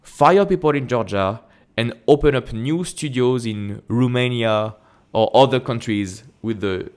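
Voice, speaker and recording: Speaking with a French accent in a clear, resonant mid-range voice, this man from France reviews an earnings report on his investing channel while screen-sharing. His reading is halting, full of self-corrections and brief tangents.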